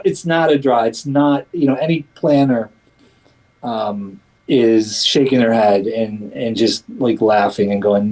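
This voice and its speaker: A man's voice: medium pitch, measured pace, a little mellow, low-quality recording. A man being interviewed as a community activist, talking casually and emphatically with many fillers and restarts, and acting out quotes in a livelier voice.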